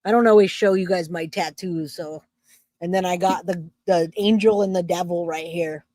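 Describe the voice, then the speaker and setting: A woman's voice: fairly low pitch, steady tone, moderate pace, dark tone, no echo. A woman hosting a true crime livestream, chatting loosely with her viewers and reading comments aloud. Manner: loose and chatty, self-interrupting, laughs easily.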